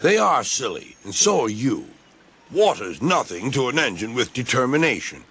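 A man's voice: mid-range voice, very animated, moderate pace, a bit bright, husky, full character voice. A man voicing a proud, grumpy big male engine who huffs and mocks the others in a fan-made storybook reading. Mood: scornful. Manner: scornful, huffy, mocking. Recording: music playing underneath.

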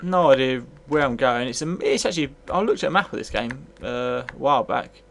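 Tipsy man, gravelly, lively pitch, sweary rambling play-by-play; retro game review commentary. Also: a little fast. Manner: sweary, rambling, bursts into excited yells. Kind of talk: live gameplay commentary.

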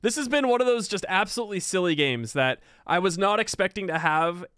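A man giving casual, excitable commentary while playing a video game, exclaiming and laughing at what happens. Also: sits high, a little fast, smooth, no room sound.

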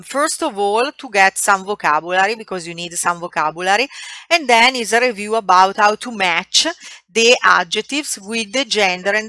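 Slow, bright-voiced Italian woman teaching. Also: medium pitch, dry recording. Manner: slow, patient explaining with drawn-out example words. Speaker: language teacher. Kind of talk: classroom language lesson.

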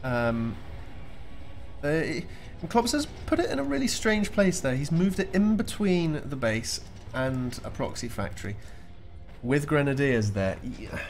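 A man's voice: a little high, very animated, a little slow, a little hiss or hum. A man commentating a strategy game replay, chatty and joking with playful asides.

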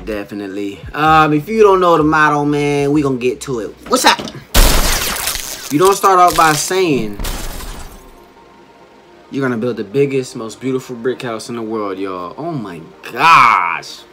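A man's voice: mid-range voice, lively intonation, a little slow, music in the background. A man reacting to a dance video on his channel, calling out exclamations and playful slang as he watches. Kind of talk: excited reaction commentary.

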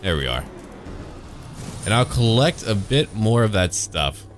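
A man's voice: fairly low pitch, big pitch swings, measured pace. A man giving sarcastic, jokey running commentary while playing a video game, over game music. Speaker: gaming YouTuber. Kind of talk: let's play commentary.

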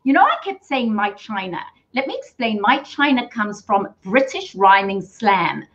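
A woman's voice: medium pitch, very animated, moderate pace, fairly bright tone. Woman host, upbeat explainer, dull lo-fi sound. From South Africa. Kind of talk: casual video-call interview.

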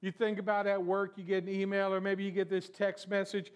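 A man with a notably high voice delivers a sermon in a church. He preaches in a loose, conversational way and keeps asking the congregation questions. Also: completely flat delivery, brisk, clean tone. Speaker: pastor. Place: church sanctuary.

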